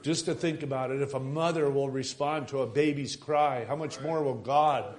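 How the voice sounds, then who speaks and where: A man preaching a fervent sermon, swinging between soft low asides and loud exhorting bursts, repeating phrases and asking the congregation questions. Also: steady tone, normal speed.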